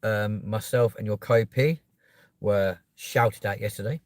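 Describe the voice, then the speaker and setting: A young man with a London accent hosts a casual livestream, reading comments and chatting cheekily with viewers. His voice sits fairly low, and he bursts into loud, excited pushes for subscribers. The sound is dry and close, with no room around it. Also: slow pace, no room sound. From England. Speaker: livestream host.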